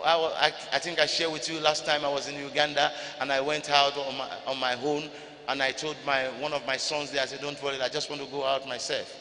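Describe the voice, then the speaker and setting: In a church hall, an older male pastor from Ghana preaches a sermon, repeating phrases for emphasis and swinging from loud rises to low drops. The recording carries the hall's reverb and a little noise.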